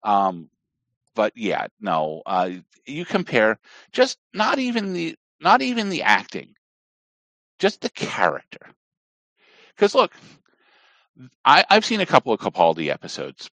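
A man's voice: medium pitch, unhurried, pauses often, no echo. A man from Appalachia, chatting casually on a podcast and rambling off on tangents. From Southern Appalachia, US. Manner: rambling, digressive, animated. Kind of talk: casual conversation.

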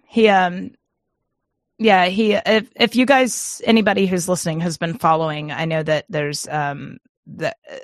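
A woman co-hosting a podcast, telling a long story in a rambling, animated way and breaking into laughter often. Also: low voice, no echo, clean studio sound. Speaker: podcast co-host. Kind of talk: casual storytelling chat.

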